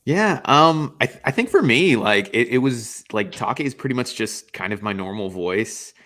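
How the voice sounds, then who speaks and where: A young man voice actor talking in casual panel chat, halting and restarting as he thinks. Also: medium pitch, animated, fairly bright tone.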